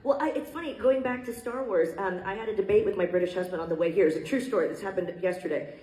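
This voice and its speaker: A woman's voice: medium pitch, fast, dark tone. A woman moderating a convention panel, asking friendly, teasing questions. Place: convention stage hall. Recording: echoey hall, distant mic.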